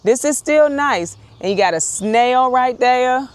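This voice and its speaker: A woman chatting excitedly to viewers while harvesting in her outdoor garden, talking straight to the camera. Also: high-pitched, a little slow. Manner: chatty and excitable, often addresses viewers as y'all. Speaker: urban homesteader, channel host. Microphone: wireless clip-on mic.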